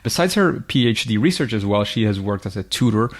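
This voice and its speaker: A man's voice: fairly low pitch, expressive, fairly quick. A man hosting an interview podcast, chatty and self-deprecating, stumbling through names with good humor. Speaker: podcast host.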